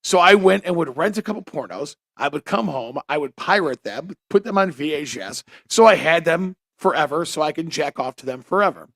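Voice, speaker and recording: A man's voice: on the high side, animated, a little fast, vocal fry, few pauses, fairly bright tone, no room sound, studio quality. A man telling crude, rambling stories on a podcast, often laughing at himself. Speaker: podcast co-host. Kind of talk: casual chat.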